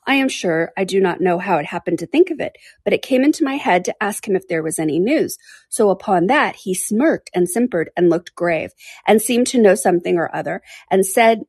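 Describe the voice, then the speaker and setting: A woman's voice: mid-range voice, expressive, brisk, darkish tone, slightly rough, no echo, clean studio sound. A woman reading as a chatty gossiping old lady. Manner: breathless chatty gossip, exclaiming often. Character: garrulous gossiping older woman, warm-hearted busybody. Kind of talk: audiobook character voice.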